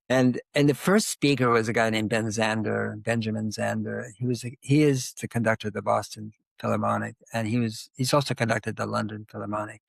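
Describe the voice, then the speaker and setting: A man's voice: fairly low pitch, vocal fry, husky, dry recording. An older man telling a long, rambling story as a guest in an interview, with many asides. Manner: rambling anecdotal storytelling, animated.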